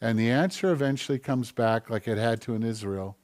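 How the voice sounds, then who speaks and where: A male pastor preaching a conversational sermon in a church, building up to forceful questions. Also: mid-range voice, a little fast.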